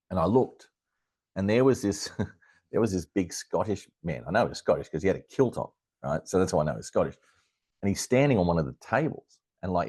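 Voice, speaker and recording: As an astrologer being interviewed, a middle-aged Australian man shares a tale from his childhood, chuckling, circling back, and using fillers and restarts in lively anecdotal fashion. His voice is low, deep, and husky. The recording is close and dry, with no echo or room sound.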